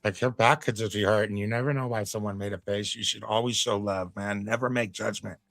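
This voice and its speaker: Laid-back low-voiced male streamer. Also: steady tone, fairly quick, vocal fry, a bit bright, no echo, faint music behind. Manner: laid-back, folksy, drawling asides. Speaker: reaction streamer. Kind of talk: casual live commentary.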